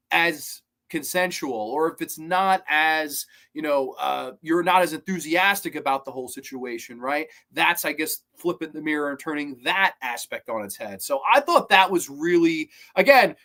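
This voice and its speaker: A man's voice: fairly high pitch, lively intonation, measured pace, pushed and bright. A man in his twenties giving a casual spoken film review, enthusiastic and swearing freely. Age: 20s. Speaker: movie reviewer.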